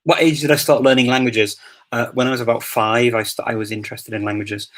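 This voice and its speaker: A man's voice: mid-range voice, steady tone, quick pace, fairly bright tone, rough recording. A man from Liverpool with a Scouse accent, hosting a casual live Q&A. He chats, laughs often, and fills his answers with ums and restarts. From Liverpool, England. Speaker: host of a live Q&A.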